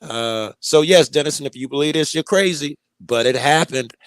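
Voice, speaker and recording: A man's voice: a little high, normal speed, no room sound. A man telling a long personal story in casual talk, rambling and profane, full of fillers and restarts.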